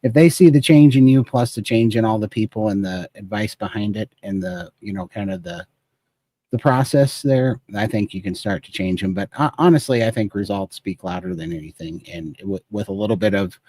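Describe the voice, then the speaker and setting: A man's voice: fairly low pitch, brisk, dark tone, no echo. A man speaking casually on a remote call, giving earnest, rambling advice from his own story. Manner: earnest, rambling personal testimony. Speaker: guest speaker.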